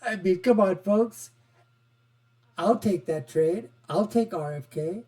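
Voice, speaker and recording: A man hosting a political commentary show, mocking and animated, swinging from loud outbursts to quiet asides. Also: high voice, slow, low-quality recording. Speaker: host.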